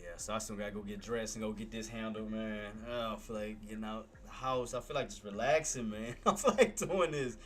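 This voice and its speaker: A man's voice: lowish voice, fairly quick, few pauses, fairly bright tone. A man hosting a live day-trading stream, talking in a casual, slangy way and calling his viewers boss and man. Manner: laid-back, slangy, calls listeners boss and man. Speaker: day-trading livestream host. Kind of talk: casual live market commentary.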